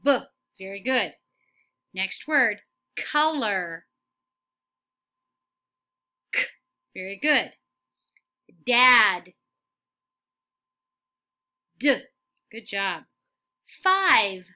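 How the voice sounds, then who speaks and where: A woman teaching a phonics lesson to young children, speaking slowly and clearly and giving steady encouraging praise. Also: medium pitch. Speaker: kindergarten teacher.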